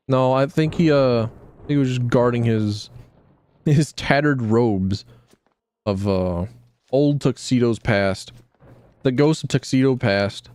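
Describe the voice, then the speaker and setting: A male streamer chatting casually over a game, with a lively, bouncing pitch. He jokes crudely and often trails off in the middle of a thought. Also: measured pace, pauses often, no echo. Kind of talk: casual gaming commentary.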